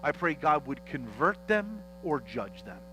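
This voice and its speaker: A man preaching a teaching sermon as pastor, animated and joking as he acts out the dialogue of a Bible story in church. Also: a little high, measured pace, noisy background.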